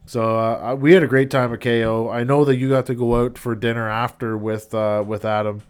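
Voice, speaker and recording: A man's voice: mid-range voice, flat delivery, fairly quick, clean tone. A man hosting a podcast in casual chat, easygoing and blunt, with occasional swearing. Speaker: podcast host.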